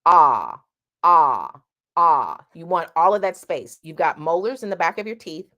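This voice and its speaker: A woman teaching a singing lesson, speaking directly and bluntly, and breaking off to sing drawn-out vowel sounds as demonstrations. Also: lowish voice, dull audio. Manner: sings vowel demonstrations between explanations.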